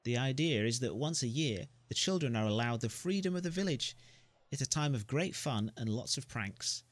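A man's voice: medium pitch, expressive, normal speed, dry recording, close to an everyday voice. A man voicing a small, chirpy, friendly male imp who gets impatient. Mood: chatty. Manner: chirpy, eager.

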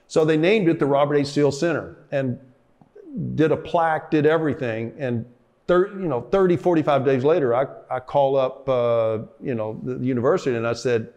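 A man's voice: mid-range voice, fairly quick, a little mellow. Older guy rambling through his old stories in an interview, lots of uh and restarts. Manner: rambling, with frequent fillers and restarts. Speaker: interviewee, former football player. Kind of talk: reflective storytelling interview.

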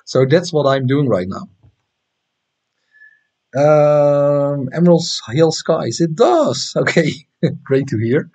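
Dutch guy rambling on an astronomy livestream, lots of ums, mid pitch, friendly. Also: mellow. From Netherlands. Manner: hesitant, many ums and restarts, friendly. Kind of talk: casual live-stream chat reading viewer comments.

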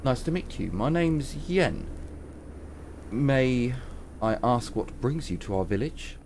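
A man's voice: mid-range voice, expressive, takes it slowly, darkish tone, a little hiss or hum. A man reading the lines of a friendly, chatty male village guard in a game. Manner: easygoing, chatty.

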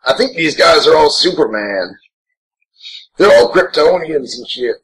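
A man's voice: fairly high pitch, animated, a little slow, a bit bright, low-quality recording. A man voicing a gigantic, grouchy green monster as co-host of a crude, rambling in-character watch-along commentary. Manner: crude, brash and rambling, swears a lot.

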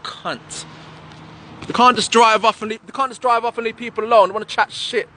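A man's voice: very high voice, steady tone, a little fast, bright, forceful tone, a little hiss or hum. A man in a heated street argument with police officers, aggressive and insulting, repeating himself. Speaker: passer-by arguing with police officers. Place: outdoors on a street by a police van.

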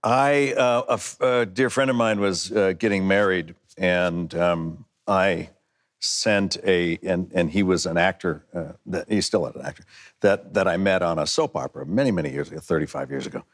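A man on a panel telling a story with lively energy, acting out other people's lines. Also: normal speed. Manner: acts out voices with rising pitch and shouts. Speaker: panel guest. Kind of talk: animated anecdote.

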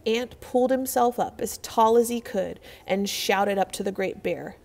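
A woman narrates a folktale in a measured, expressive way, with a mid-pitched voice. Her words carry a long, lingering hall reverb that trails after each phrase. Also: vocal fry. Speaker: storyteller. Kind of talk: reading a folktale aloud.

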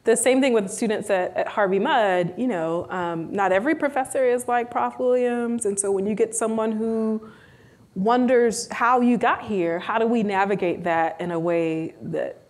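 A woman professor holds the floor at a live panel. She tells her stories with animation, acting out the other people in them. Her voice sits slightly high, and she keeps pulling the audience in with "right?". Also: normal speed. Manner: animated storyteller who acts out quoted dialogue; frequent rhetorical "right?" tags. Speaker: professor and guest speaker.

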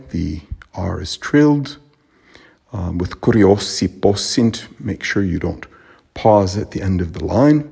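Male teacher, low husky gravelly voice, slow thoughtful lesson delivery. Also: animated, warm tone. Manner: unhurried, thoughtful, many fillers and restarts. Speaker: Latin teacher. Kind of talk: spoken lesson on pronunciation and meter.

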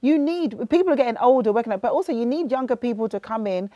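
A woman's voice: fairly high pitch, animated, fast, no room sound, highs cut off. A middle-aged woman, a politician, talking in a casual chat and repeating her points for emphasis. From England. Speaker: politician guest.

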